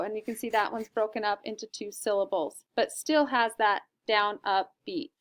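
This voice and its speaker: A woman's voice: mid-range voice, steady tone, moderate pace, few pauses. A woman teacher giving a patient, explanatory recorded lesson and often checking in with her listeners.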